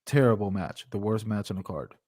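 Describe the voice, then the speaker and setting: A man co-hosting a casual wrestling podcast, talking in an animated way, swearing freely and ranting with playful bravado. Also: on the low side, a little fast, no room sound. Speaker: podcast co-host. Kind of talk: casual wrestling reaction chat.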